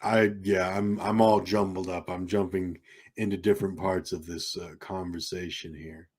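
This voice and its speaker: A young man with a Southern American accent and a deep baritone voice, chatting casually on a live stream, reading viewer comments aloud and rambling with frequent chuckles. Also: little pitch movement, normal speed, darkish tone, breathy edge. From South Carolina, USA. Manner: rambling, chuckles often, reads chat aloud.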